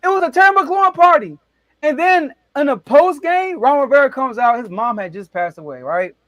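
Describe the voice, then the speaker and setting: Excitable man debating football. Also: moderate pace, no room sound. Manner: animated, excitable storytelling with big pitch jumps. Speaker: sports debate show host. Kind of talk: casual sports debate chat.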